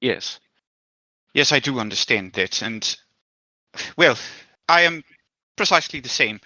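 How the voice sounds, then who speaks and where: A man voicing a smooth, scheming figure in a tabletop role-play who speaks in a formal, courteous way with hesitant restarts. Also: mid-range voice, expressive, a little slow, sharp tone, dry recording, rough recording. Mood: polite scheming.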